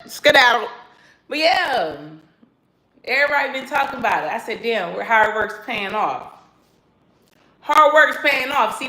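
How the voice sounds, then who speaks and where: A woman talking casually to her viewers in a sassy, animated vlog style, laughing and swearing freely. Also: on the high side, echoey room, poor audio. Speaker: vlogger. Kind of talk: casual self-talk vlog.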